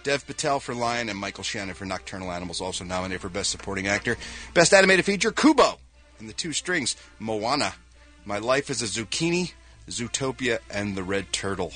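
A man's voice: on the low side, lively intonation, brisk, a bit bright, faint music behind. A man hosting a radio show, joking his way through entertainment news in casual chat. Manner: wisecracking, reading news items.

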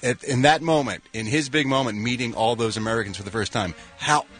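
A man's voice: mid-range voice, a little fast, a bit bright, soft background music. A man giving the showbiz segment on a morning radio show, telling a story at length. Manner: storytelling, drawn out. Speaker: showbiz reporter.

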